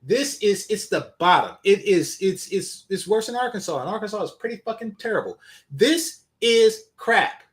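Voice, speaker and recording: Male reaction host, high lively voice, blunt and cursing. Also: brisk, hardly any pauses. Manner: blunt, profane and scornful. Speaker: commentary channel host. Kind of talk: reaction commentary.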